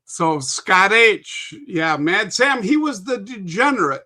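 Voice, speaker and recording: High, bright-voiced man rambling casually. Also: lively intonation, unhurried, hardly any pauses, faint music behind. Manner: rambling, with frequent restarts and profanity. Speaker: guest. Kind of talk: casual podcast chat.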